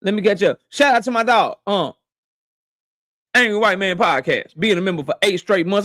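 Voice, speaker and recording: A high-pitched man talks casually into a dry, close mic from his office. He hosts a live stream, cursing freely and greeting viewers one after another. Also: moderate pace, no room sound. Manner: loose, profane, shouting out viewers by name. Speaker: boxing live-stream host. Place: home office.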